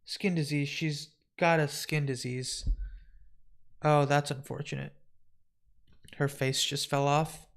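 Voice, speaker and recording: A man's voice: fairly high pitch, fairly even intonation, takes it slowly, creaky, pauses often. A nervous, fretful pregnant woman in her thirties, read by a man in a live comic book reading. She chatters on anxiously to her friend.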